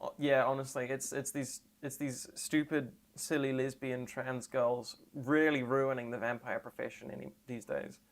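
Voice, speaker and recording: A trans woman streaming live and reacting to memes, rambling and sarcastic with deadpan asides, and tired. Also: rumbling low, normal speed.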